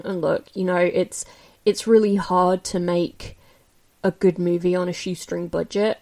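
A woman casually reviewing films she watched, candid and chatty, with many fillers and restarts, jumping up in pitch when she gets opinionated. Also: mellow. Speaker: film reviewer. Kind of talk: casual spoken film review.

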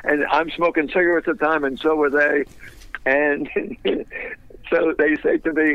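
A man telling a business story in a fast, animated, wisecracking way, laughing at his own punchlines. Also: on the high side, dull audio. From United States.

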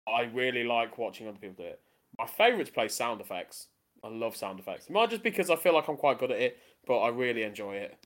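A man with a mid-range voice chats casually on a podcast. He starts off hesitant, with plenty of fillers, then rattles along in quick bursts. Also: medium pitch, lively intonation, a bit bright. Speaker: improv podcast regular. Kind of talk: casual chat.

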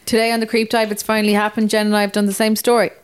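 An Irish woman co-hosts a podcast in a medium-pitched voice. She chats in an upbeat, jokey way. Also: monotone, very fast, clear, resonant tone. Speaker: podcast co-host. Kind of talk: casual chat.

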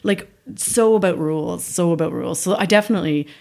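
A woman from Canada in her thirties, chatting as a guest. She tells stories with lots of energy and laughs often. Her voice sits slightly low. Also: quick pace, creaky. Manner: animated storyteller, acts out quotes, laughs often. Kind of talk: casual chat.

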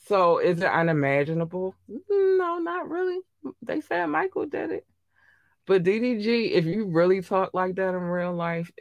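A woman's voice: lowish voice, no room sound. Woman, podcast host, casual gossip talk, blunt, repeats for emphasis, dry sound. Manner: blunt, animated, swears freely, repeats for emphasis.

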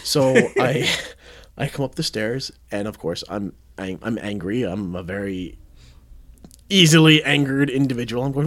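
A man co-hosting a podcast, telling a story in casual chat and acting out the quotes loudly. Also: medium pitch, moderate pace. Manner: animated, acts out quotes loudly. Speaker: podcast co-host.

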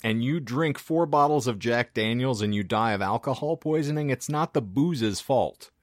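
Man, podcast host, casual chat, animated delivery, sarcastic, dry close mic. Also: medium pitch, normal speed, no echo. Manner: wry, sarcastic asides.

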